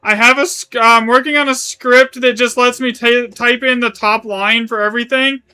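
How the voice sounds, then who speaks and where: A man's voice: very high-pitched, steady tone, normal speed, pushed and bright, smooth. A man streaming a game live, chatting casually in a rambling way, correcting himself as he goes and swearing now and then. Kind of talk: live gaming stream chat.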